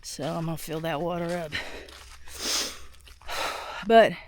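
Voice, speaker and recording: A woman vlogging outdoors on her farm while doing chores, sick and a little out of breath, thinking out loud with many restarts. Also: low voice, takes it slowly, noisy background. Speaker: homestead vlogger.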